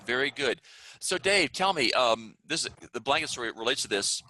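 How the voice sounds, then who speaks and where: A man's voice: medium pitch, lively intonation, normal speed, sharp tone, a little hiss or hum, low-quality recording. A man with a Southern US accent, teaching an online English class in an upbeat, chatty way. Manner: upbeat, chatty, rambling asides.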